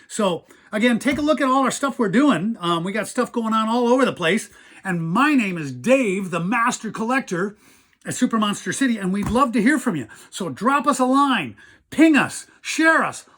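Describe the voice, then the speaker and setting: In a casual old-toy show-and-tell, a male collector host speaks with a high, fairly bright voice. He is enthusiastic and talkative and does impressions of the toys' sounds.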